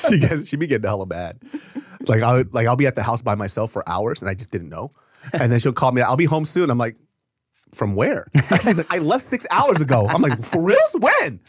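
Podcast guy cracking up telling stories, swears a lot, super bouncy pitch. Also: a little fast, no room sound, studio quality. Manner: animated storyteller, laughs a lot, swears freely. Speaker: podcast co-host. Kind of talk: casual chat.

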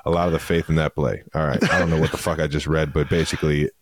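Deep-voiced man, profane podcast banter. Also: fairly even intonation, fast talker, no echo. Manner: profane, laughing, blunt banter. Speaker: podcast co-host. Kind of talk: casual sports chat.

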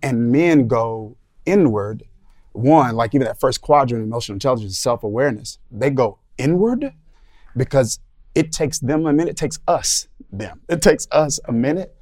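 A man's voice: medium pitch, normal speed, a little mellow. A man on a discussion panel, thinking aloud and searching for his words. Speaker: panel guest.

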